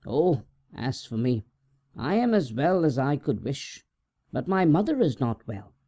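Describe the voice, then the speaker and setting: A man's voice: mid-range voice, big pitch swings, unhurried, warm tone. A man voicing a tall, thin, hesitant and stingy peasant in a storybook reading, in a plain, slightly raised voice.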